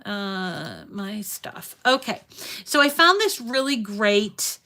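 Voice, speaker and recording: A woman's voice: medium pitch, very animated, slow pace, sharp tone. Woman chatting on her craft stream, thanks viewers a lot, medium voice. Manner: chatty and affectionate, reads viewer comments aloud; talks sweetly to her dogs in a raised voice. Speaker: crafting livestream host. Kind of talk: casual livestream chat with viewers.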